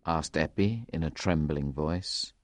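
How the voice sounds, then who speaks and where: A woman narrating a storybook in a calm, measured way. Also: very deep voice, no room sound, clean studio sound. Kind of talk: storybook reading.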